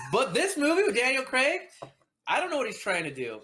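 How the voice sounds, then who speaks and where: A man's voice: extremely high pitch, huge pitch swings, normal speed, a crowd in the background. A man co-hosting a casual movie chat, joking and laughing often. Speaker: podcast co-host.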